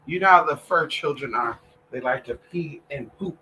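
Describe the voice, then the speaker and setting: A man's voice: on the high side, normal speed, bright, forceful tone, slight background noise. A man hosting a casual live stream, outspoken and sassy, swearing freely and breaking off to talk to his dogs. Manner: talks to his dogs between comments.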